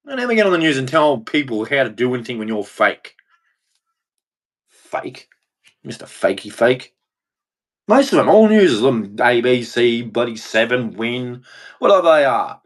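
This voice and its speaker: A man ranting on his own, heated and profane, turning preachy at times and swinging between shouting and muttering. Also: mid-range voice. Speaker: vlogger. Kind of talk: angry solo rant.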